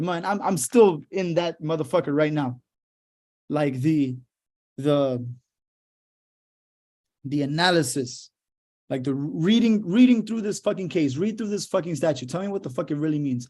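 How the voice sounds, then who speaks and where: A man's voice: on the high side, warm tone. A young adult man from Houston, Texas, a lawyer giving a casual motivational talk, swearing freely and telling his story with emphatic drive. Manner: profane, emphatic, fired-up storytelling.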